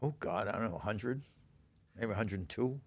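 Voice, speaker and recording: A man's voice: on the low side, moderate pace, dry recording. An older man, a podcast guest in a studio, telling rambling anecdotes in casual chat and acting out the dialogue.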